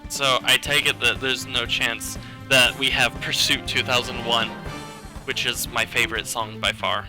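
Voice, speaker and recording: A man's voice: medium pitch, little pitch movement, a little slow. A man streaming a game live, chatting casually and reacting to chat and game music. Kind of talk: casual live gameplay commentary. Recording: game music playing behind.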